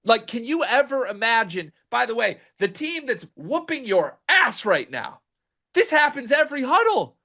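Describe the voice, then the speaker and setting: A man's voice: extremely high pitch, very animated, normal speed, bright, forceful tone. A man hosting a casual sports talk show, emphatic and incredulous, with a rambling delivery. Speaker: sports podcast host.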